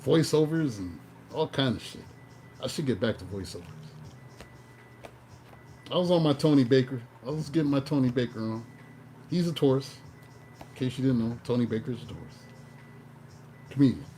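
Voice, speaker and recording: A man's voice: mid-range voice, lively intonation, moderate pace, long pauses, dark tone, a little hiss or hum. A man doing a tarot reading who drifts into a profane, joking rant in a loose, digressive storytelling way. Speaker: tarot reader. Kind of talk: casual comic rant then tarot reading.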